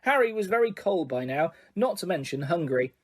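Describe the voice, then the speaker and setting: High-voiced man narrating an audiobook. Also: normal speed. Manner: steady storytelling with small slips.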